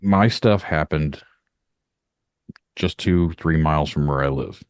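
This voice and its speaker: A man's voice: rumbling low, takes it slowly, clear, resonant tone, no room sound, clean studio sound. A man from Northern Indiana, hosting a podcast in a rambling, talkative way. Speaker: podcast host. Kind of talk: casual podcast chat.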